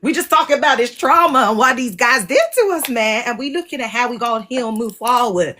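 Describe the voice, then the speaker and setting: A woman's voice: a little high, fairly quick, sharp tone, slight background noise. A woman hosting a casual livestream, talking animatedly and in slang straight to her viewers. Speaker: livestream host, former church member.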